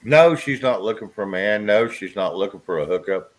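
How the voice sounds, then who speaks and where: A man's voice: lowish voice, lively intonation, brisk. A man chatting casually as host, blunt and joking, laughing often. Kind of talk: casual chat.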